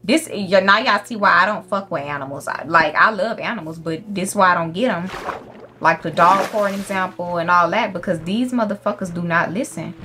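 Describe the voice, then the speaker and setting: A woman's voice: on the low side, brisk, sharp tone, soft background music. A young woman giving casual gameplay commentary, brash and profane, scolding the animals in her game. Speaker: gaming YouTuber.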